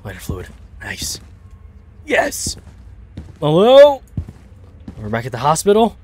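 A man commenting on a horror game playthrough, jumpy and swearing, shouting when startled. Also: mid-range voice, big pitch swings, fairly quick, breathy edge. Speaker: gaming video host.

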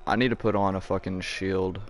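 A man's voice: sits low, level tone, brisk. A man hosting a live gameplay stream, chatting, joking and swearing as he plays and reads out messages. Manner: profane, joking banter.

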